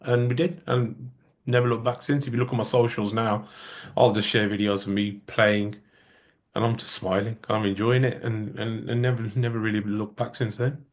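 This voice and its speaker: A man's voice: lowish voice, moderate pace. Man telling stories. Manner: lively storyteller who acts out quoted dialogue. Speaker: musician and producer guest. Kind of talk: casual storytelling interview.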